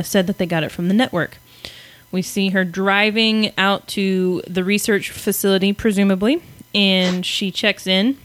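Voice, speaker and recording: A woman's voice: mid-range voice, fairly bright tone, clean tone, dry recording. A woman casually recapping a comic story on a podcast, chatty and self-deprecating. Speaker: podcast co-host.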